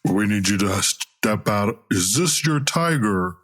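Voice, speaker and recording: A man's voice: lowish voice, lively intonation, takes it slowly, a bit bright, heavily acted. A man playing a jittery male border officer in an improv scene, stammering when rattled. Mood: stern.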